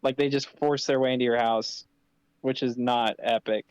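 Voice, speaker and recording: A man's voice: medium pitch, fairly even intonation, normal speed, smooth, no room sound, low-quality recording. A young man co-hosting a podcast, chatting casually and bluntly and chiming in with comments. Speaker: podcast co-host. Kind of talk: casual chat.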